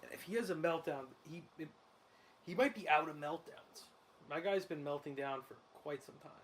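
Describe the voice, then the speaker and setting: Excitable male host, fairly high voice, laughs a lot, live betting chatter over a faint hiss. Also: moderate pace. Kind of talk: casual sports betting commentary while watching a game.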